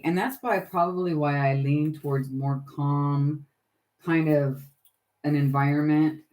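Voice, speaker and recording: A middle-aged woman hosting a casual crafting livestream, chatting with viewers by name while she works on her journals. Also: deep voice. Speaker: livestream host.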